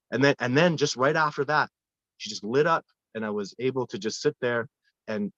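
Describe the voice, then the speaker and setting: A man who guides wilderness expeditions, telling earnest, animated stories in a casual interview with frequent restarts. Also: medium pitch, no echo. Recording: dull, lo-fi dry sound.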